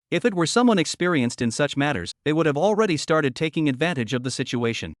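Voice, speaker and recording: A man reading a scripted story recap in an even, steady way. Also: a little high, fast, dry recording, studio quality. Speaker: narrator.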